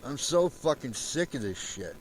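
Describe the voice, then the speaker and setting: A man hosting a solo show, delivering an angry, profane rant and raising his voice to a shout at times. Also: mid-range voice, sing-song, normal speed, low-quality recording. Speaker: podcast host.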